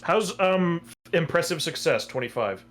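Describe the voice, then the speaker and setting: A man's voice: fairly high pitch, lively intonation, unhurried, a bit bright, a little hiss or hum. A man playing a tabletop game, matter-of-factly reporting rolls and actions. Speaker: player.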